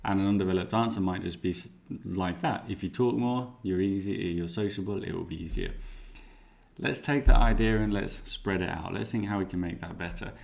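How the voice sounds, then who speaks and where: A man teaching exam speaking skills, explaining clearly and giving worked example answers. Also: deep voice, fairly quick, a little mellow.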